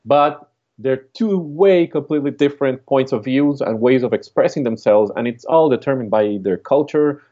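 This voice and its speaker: A Chilean man with a Chilean Spanish accent co-hosts a casual chat, musing and rambling with plenty of fillers. His mid-range voice moves at a normal speed on a dull, lo-fi recording.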